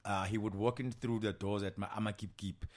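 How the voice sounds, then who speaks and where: A man's voice: fairly low pitch, fairly even intonation, brisk. A man co-hosting a podcast, chatting and laughing as he recalls old stories. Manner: chatty, laughs while reminiscing. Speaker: podcast co-host. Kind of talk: casual storytelling chat.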